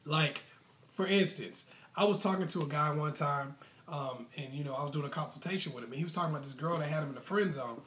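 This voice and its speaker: A man's voice: on the high side, fast, fairly bright tone, roomy sound. A man hosting a relationship advice video, talking casually and retelling clients' stories with lots of fillers.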